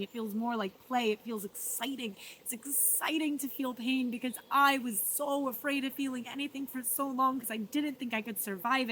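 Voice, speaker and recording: Earnest woman vlogging, soft and emotional. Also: fairly high pitch, slight background noise. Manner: emotional, earnest, often softly spoken with laughs. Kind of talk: reflective personal vlog. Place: art residency.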